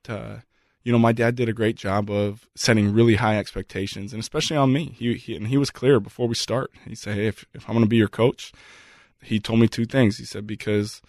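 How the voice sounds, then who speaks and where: A man telling a personal story in an interview, earnest and halting, often restarting his sentences. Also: fairly low pitch, darkish tone, no echo, clean studio sound. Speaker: guest. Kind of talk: reflective storytelling in conversation.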